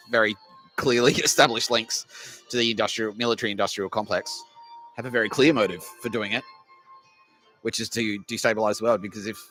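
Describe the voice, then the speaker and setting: A man's voice: fairly low pitch, pushed and bright. An Australian man hosting a podcast, delivering a crude, rambling comedy rant full of swearing. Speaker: podcast host. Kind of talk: ranting comedy monologue.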